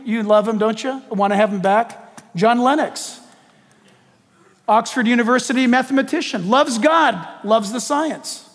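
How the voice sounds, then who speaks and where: A man preaching a sermon in an animated, joking way, putting questions to his audience. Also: extremely high pitch, in a large hall.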